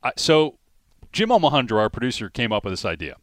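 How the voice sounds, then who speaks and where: A man's voice: medium pitch, very animated, fast, dry recording, clean studio sound. A man who hosts a sports talk show, calling play-by-play and steering the segment. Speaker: play-by-play announcer and host.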